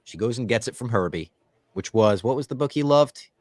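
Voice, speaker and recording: A man co-hosting a casual movie review podcast, his pitch swinging widely as he talks. His voice sits in the middle range, and the sound is dry and close to the mic. He is animated and swears easily. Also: brisk, dry recording. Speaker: podcast co-host.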